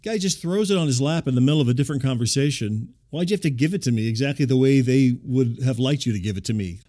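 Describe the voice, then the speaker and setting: Male radio host, dry deadpan delivery, even middle pitch, calm and reasonable. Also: fast talker. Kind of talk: comedic radio monologue.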